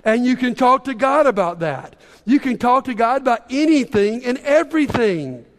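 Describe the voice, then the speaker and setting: A man's voice: extremely high pitch, animated, moderate pace. A man preaching a casual, conversational sermon as a pastor, sometimes acting out the voices of the people he quotes. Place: church sanctuary. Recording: reverberant church hall.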